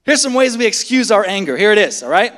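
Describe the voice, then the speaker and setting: Fast and a bit bright, this man's high voice swings widely in pitch as he preaches a midweek sermon. He talks to the congregation conversationally, pelting them with rhetorical questions, and the church sanctuary adds a long hall reverb.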